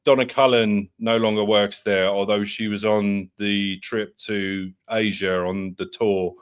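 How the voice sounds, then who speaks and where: A man's voice: fairly low pitch, little pitch movement, measured pace, clean tone. A man hosting a casual football chat, rambling and hesitant, often laughing along. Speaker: host.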